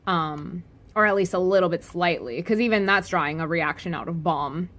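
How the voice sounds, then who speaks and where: A woman's voice: on the low side, normal speed, a bit bright. Chatty, giggly woman reviewing a comic. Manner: chatty and giggly, with lots of "like" and "anyway"; playful and joking. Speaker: webcomic reviewer. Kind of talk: casual video review.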